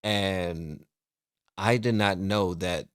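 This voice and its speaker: A man's voice: low-pitched, very slow, clean tone, no echo, studio quality. A man hosting a reaction video, chatting casually to viewers with laughter and asides.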